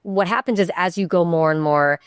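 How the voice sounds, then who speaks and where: A woman's voice: fairly low pitch, a little fast, smooth, no room sound, studio quality. A woman guest on a podcast, explaining her ideas through many examples in a conversational way, often restarting sentences. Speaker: guest, networking consultant.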